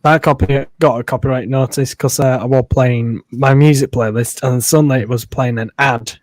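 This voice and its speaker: A man's voice: mid-range voice, steady tone, moderate pace, darkish tone, dry recording. Rambling man chatting on a stream. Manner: rambling, hesitant with many fillers. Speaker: live streamer. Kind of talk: casual chat.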